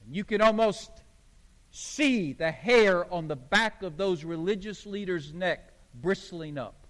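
Man, pastor delivering a sermon, very high voice, emphatic preaching cadence, long hall reverb. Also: expressive, slow pace, a bit bright. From United States.

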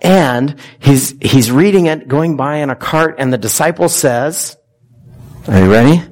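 Man, mid-pitched pastor; casual, questioning sermon delivery to a church congregation. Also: expressive, a little slow, a little mellow. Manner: conversational, asks the congregation questions.

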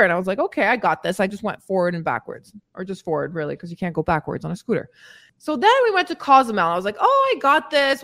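A woman's voice: mid-range voice, fairly bright tone. A woman fitness coach talking candidly and casually to her listeners in a motivational podcast, calling them ladies and swearing now and then. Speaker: weight-loss fitness coach.

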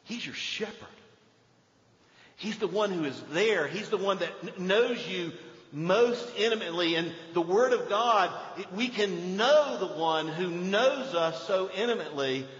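Older pastor preaching in an echoey hall. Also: male voice, high voice, expressive, unhurried. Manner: swings between emphatic and hushed. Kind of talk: sermon. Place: church sanctuary. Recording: dull echoey church hall recording.

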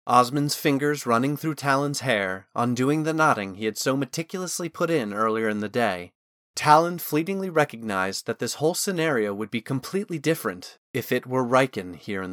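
A man narrating a fantasy novel as an audiobook, with measured, expressive storytelling. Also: mid-range voice, no room sound, clean studio sound. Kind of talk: scripted narration.

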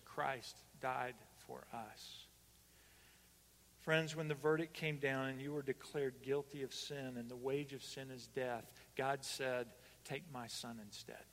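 A pastor preaching a sermon to his congregation, swinging between loud emphatic calls and hushed, slow lines. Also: medium pitch, steady tone. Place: church hall. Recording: long reverb of a church hall.

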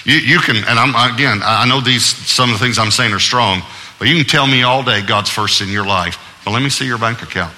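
A pastor delivers a sermon in a bright, forceful male voice, emphatic yet conversational, with touches of humor and deliberate pauses. His words ring out with a long reverb in a large church hall. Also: mid-range voice.

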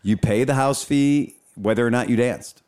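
A man's voice: medium pitch, normal speed, a little mellow, smooth. A man hosting a podcast in casual, rambling chat, swearing freely and often restarting his sentences. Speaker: podcast host.

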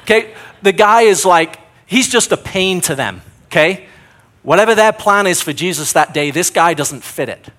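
Male pastor, somewhat high voice, earnest sermon delivery with repeated building lines, slightly strained voice. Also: animated, normal speed, a bit bright.

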